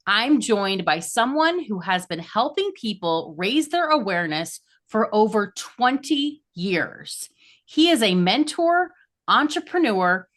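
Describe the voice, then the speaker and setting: A woman hosting a podcast interview, speaking enthusiastically and stressing key words with sharp rises. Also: on the high side. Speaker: podcast host.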